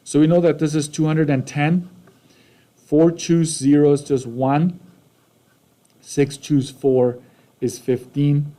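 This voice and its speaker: A man's voice: fairly high pitch, fairly even intonation, measured pace, warm tone. A man with a Canadian accent teaching a math lesson casually, often checking in with "right?" and "okay?".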